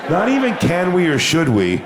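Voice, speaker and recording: Crude deadpan stand-up comedian, a man. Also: a little high, moderate pace, a crowd in the background. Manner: crude, deadpan storytelling with mocking voice impressions. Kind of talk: stand-up set.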